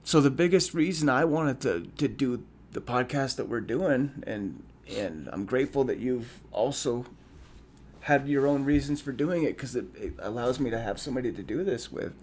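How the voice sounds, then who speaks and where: Earnest halting man on a podcast. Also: medium pitch, animated, darkish tone, a little hiss or hum. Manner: earnest, halting, with frequent restarts and ums. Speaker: podcast co-host. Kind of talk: reflective podcast conversation.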